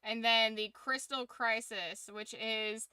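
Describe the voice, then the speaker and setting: Brief: tired woman streamer chatting casually, swears easily, fairly high voice, dry close sound. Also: fairly even intonation, takes it slowly, sharp tone, smooth, no echo. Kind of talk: casual livestream chat.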